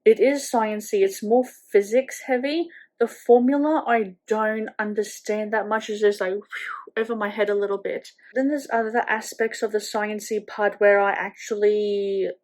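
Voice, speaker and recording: A woman's voice: medium pitch, steady tone, moderate pace, a little mellow. A woman book vlogger chatting casually at home at night, rambling with lots of "like" fillers. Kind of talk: casual reading vlog chat.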